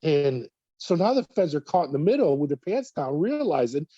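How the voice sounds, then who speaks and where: A man's voice: a little high, sing-song, moderate pace, mellow, husky, dry recording, muffled recording. A middle-aged man from California retelling his experience in an interview, acting out quoted dialogue and often repeating words as he goes. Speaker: whistleblower guest. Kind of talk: conversational storytelling interview.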